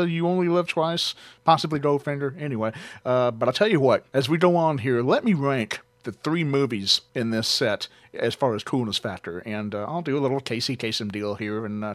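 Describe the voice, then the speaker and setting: A man with a mid-range voice hosts an online radio show reviewing home video releases, and the recording is dry. His review is casual and joking, rambling into side tangents and packed with "uh" fillers.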